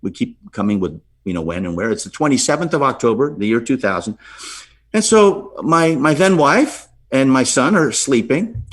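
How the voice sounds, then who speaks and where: Husky-voiced man telling a lively story. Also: moderate pace. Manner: lively storyteller, swings his pitch for emphasis, checks in with "right?". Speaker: podcast guest. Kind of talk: storytelling in a podcast interview.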